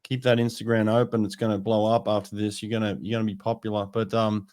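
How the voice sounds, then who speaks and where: A man's voice: lowish voice, little pitch movement, fast, a little mellow. A man hosting a podcast interview, chatting casually and encouraging his guest, calling him "mate". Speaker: podcast host.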